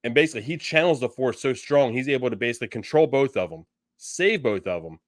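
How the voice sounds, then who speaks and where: Casual podcast co-host, male, mid-pitched, rambling delivery, dry mic. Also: lively intonation, fast talker, no room sound. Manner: rambling, many restarts and fillers. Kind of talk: casual fan discussion.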